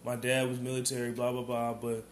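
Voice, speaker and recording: A man's voice: medium pitch, completely flat delivery, brisk, slight background noise. An American man in a heated, profane, rambling monologue, often asking "you know what I'm saying". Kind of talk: ranting monologue.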